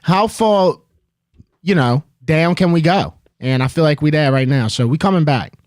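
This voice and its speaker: A man's voice: fairly high pitch, normal speed, darkish tone, dry recording, clean studio sound. A man hosting a call-in sports show, talking in a loose, rambling way with plenty of "um" and "dude.". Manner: laid-back, loose and rambling, lots of "um" and "dude". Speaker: host. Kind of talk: casual sports talk.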